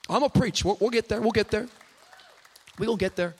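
A man's voice: sits high, quick pace, breathy edge, big-room sound, some chatter behind. A young man preaching a sermon to a live church audience. He opens with comic stories and builds to fervent, half-sung preaching.

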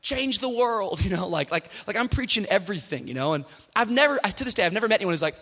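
A man preaching a sermon as a pastor, telling animated stories and building to shouted exhortation in a church. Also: high voice, quick pace, few pauses. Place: church sanctuary. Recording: reverberant church hall.

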